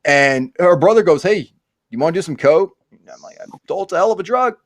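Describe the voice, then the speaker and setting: Profane ranting man, fairly high voice. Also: animated, a little fast, dry recording. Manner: profane, ranting, stammering restarts. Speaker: podcast host and author. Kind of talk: crude comedic storytelling.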